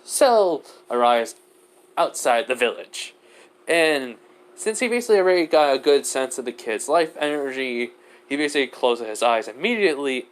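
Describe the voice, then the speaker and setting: A man narrating an improvised fan story in a rambling way, full of fillers and restarts. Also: mid-range voice.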